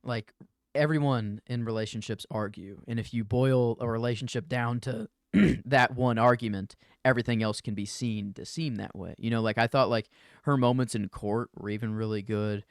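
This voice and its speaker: A man's voice: mid-range voice, steady tone, moderate pace, clean tone, no room sound, studio quality. Musing man in casual podcast chat. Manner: musing, rambling with many fillers. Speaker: podcast co-host.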